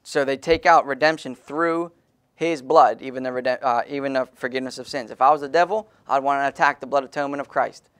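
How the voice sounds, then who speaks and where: A man's voice: mid-range voice, steady tone, fairly quick, a bit bright. A man preaching an emphatic sermon as pastor in a small church, calling on the congregation to read verses aloud.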